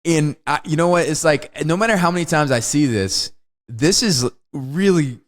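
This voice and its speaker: A man's voice: a little high, moderate pace. A man co-hosting a podcast, chatting casually about films and acting out lines from scenes. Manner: animated, acts out movie lines in big shifting voices. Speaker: podcast co-host. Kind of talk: casual film discussion.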